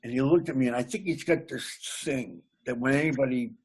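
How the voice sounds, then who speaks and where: A man from Massachusetts, a comedian guest telling a lively anecdote. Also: medium pitch, a little fast, husky. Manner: animated anecdote teller, laughs along. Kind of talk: casual storytelling.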